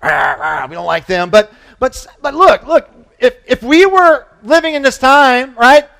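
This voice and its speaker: Male pastor with a high voice, preaching in a loose conversational way, punching up key lines and dropping low for quiet points. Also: unhurried, creaky. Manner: conversational, animated preaching with restarts and asides; swings from loud emphasis to quiet low delivery. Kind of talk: sermon.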